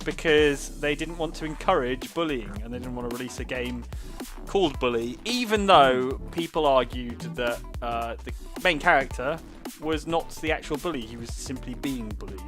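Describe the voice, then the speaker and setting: A British man co-hosting a casual chat, jokey and animated. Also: mid-range voice, normal speed, music in the background. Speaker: co-host, quiz contestant.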